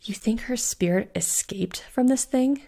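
A quick-witted young witch, easily startled and given to sarcasm, as a woman reading aloud puts her on. Her pitch climbs when she is alarmed. The voice has a rough, gravelly edge, and it is part of a spooky audiobook. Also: dark tone, exaggerated voice.

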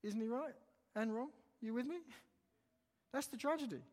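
A man's voice: very high-pitched, moderate pace, a little mellow. A man preaching a sermon, telling a story animatedly and retelling the dialogue line by line. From England. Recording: long hall reverb.

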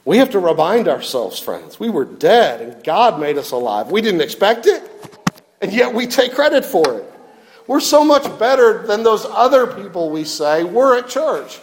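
A middle-aged man preaching a sermon, telling a story and swinging between loud appeals and quiet, soft passages. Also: sits high, big pitch swings, normal speed. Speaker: pastor.

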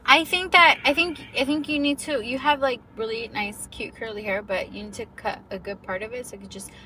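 A young woman chatting casually as co-host, animated, gasping and laughing often, swearing freely. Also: a little high, brisk, far from the mic, slight background noise. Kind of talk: casual chat.

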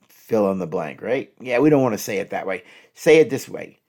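A man's voice: lowish voice, lively intonation, fairly quick, a little mellow. A man hosting an instructional podcast, talking straight to his listeners as folks and repeating each example phrase twice. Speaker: podcast host and relationship coach.

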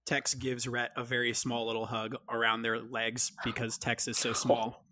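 A woman describing her character's actions in a tabletop game, slowly and playfully. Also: a bass voice, completely flat delivery, bright, forceful tone. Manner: slow, playful. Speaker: player.

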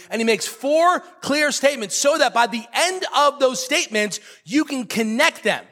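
A man's voice: very high-pitched, lively intonation, moderate pace, few pauses, sharp tone, in a large hall. A man preaching a sermon as pastor, emphatic and repetitive, joking with his congregation. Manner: emphatic, repeats key phrases, jokes with the congregation.

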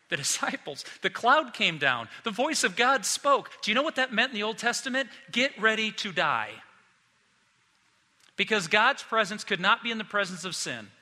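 A middle-aged man delivers a sermon with a sharp, bright tone, slightly higher than most men. He acts out the disciples in quick, animated asides. His voice rings out with a long reverb. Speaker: pastor.

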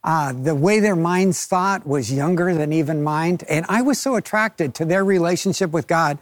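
A man preaching a sermon, telling a story in a lively way and acting out the people in it. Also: on the high side, normal speed, dry recording. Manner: storytelling, acts out quoted voices. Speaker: pastor.

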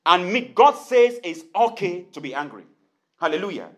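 A man's voice: high voice, animated, moderate pace. A man preaching a sermon, repeating his points and acting out little dialogues. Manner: preaching with repetition and acted-out dialogue. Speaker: pastor.

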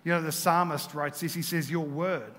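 A pastor preaching a sermon in a church, asking his listeners questions and moving between loud passages and hushed ones. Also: fairly high pitch, steady tone, normal speed. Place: church hall. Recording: reverberant church hall.

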